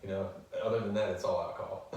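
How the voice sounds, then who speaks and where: A relaxed man chatting as a podcast co-host, quick to laugh and joke. His voice is on the low side, and he sounds set back from the mic in a ringing room. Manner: laid-back, jokey, laughs easily. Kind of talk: casual chat. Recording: echoey room, mic at a distance.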